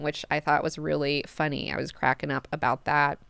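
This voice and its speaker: A woman hosting a book club, recapping chapters in a chatty, animated, profane way. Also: deep voice, brisk, creaky, clean tone, no echo, clean studio sound.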